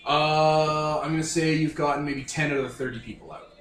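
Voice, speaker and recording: A man's voice: fairly high pitch, fairly even intonation, a little fast. A man running a tabletop game as game master, narrating in a loose, casual way with many fillers. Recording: echoey room with faint music.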